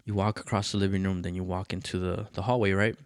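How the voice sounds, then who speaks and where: Low-voiced man telling a profane story. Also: fast talker, smooth, dry recording, studio quality. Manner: profane, animated, acts out quoted voices. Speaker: podcast host. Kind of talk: casual storytelling.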